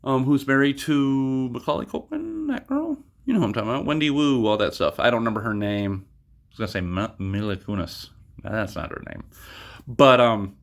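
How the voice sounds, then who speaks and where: A young man gives a casual spoken movie review, rambling, cursing freely, and wandering off on tangents. His mid-range voice is expressive and creaky, at a normal speed.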